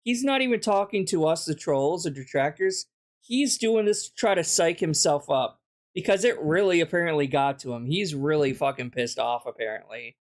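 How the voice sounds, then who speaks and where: A man's voice: on the high side, moderate pace. A man streaming a reaction to a video, talking casually, bluntly and mockingly, swearing often.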